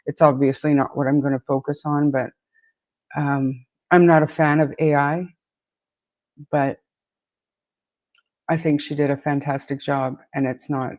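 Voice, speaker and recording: Her voice low, level, and somewhat dark, a true crime podcast host from Atlantic Canada talks casually with her livestream audience. A sore, swollen throat doesn't stop her rapid greetings and frequent restarts. There's no room sound.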